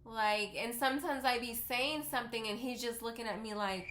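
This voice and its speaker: A woman's voice: on the high side, moderate pace, few pauses, fairly bright tone, slight background noise. A woman in her thirties, a native Spanish speaker with a Spanish accent, chatting and rambling casually through a makeup tutorial into her camera at home. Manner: chatty, rambling, self-deprecating. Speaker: vlogger. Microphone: camera mic. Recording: roomy echo.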